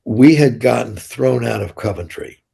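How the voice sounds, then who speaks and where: A man's voice: medium pitch, moderate pace, gravelly, warm tone, breathy edge. An older man, telling rambling, blunt, profane stories as an interview guest. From New York City. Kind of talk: casual storytelling interview.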